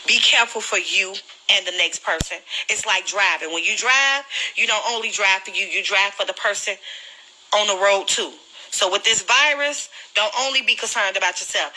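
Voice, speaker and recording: A woman's voice: mid-range voice, pushed and bright, rough recording. A woman speaking straight to her phone audience in an earnest, pleading way, holding back tears as she warns her viewers. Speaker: livestreamer sharing her illness experience. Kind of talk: emotional direct-to-camera livestream.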